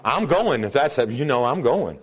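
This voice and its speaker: An older man preaching a sermon as pastor, emphatic, with sudden jumps in pitch and volume. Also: big pitch swings, unhurried, breathy edge.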